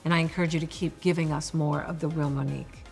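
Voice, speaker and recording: A woman's voice: deep voice, steady tone, fast talker, gravelly, a little mellow. A woman host and competition judge giving emphatic, encouraging feedback in a casual interview. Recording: roomy reverb with faint music.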